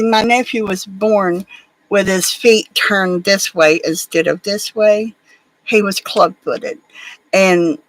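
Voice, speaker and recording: A woman's voice: lowish voice, a bit bright, low-quality recording. A woman, casually telling a family story to her viewers, rambling with many fillers and restarts. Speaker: vlogger.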